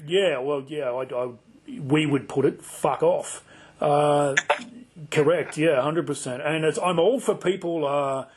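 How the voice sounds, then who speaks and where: A man's voice: fairly high pitch, a little slow, a little mellow, a little hiss or hum. A man with an Australian accent hosting a podcast, casual and blunt, swearing freely. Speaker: podcast host. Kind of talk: casual conversation.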